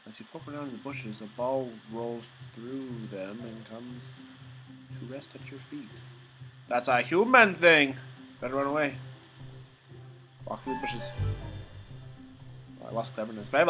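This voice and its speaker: Dude narrating a game casually, middle pitch, cracking jokes, little music underneath. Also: male voice, a bit bright, rough recording. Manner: casual, joking, swears at times. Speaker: gamer. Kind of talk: let's play commentary, reading game text aloud.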